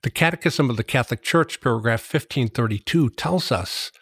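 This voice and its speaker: A man giving a slow, earnest Catholic devotional reflection, reading scripture verses aloud. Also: medium pitch, a bit bright, breathy edge, no echo, studio quality. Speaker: Catholic preacher.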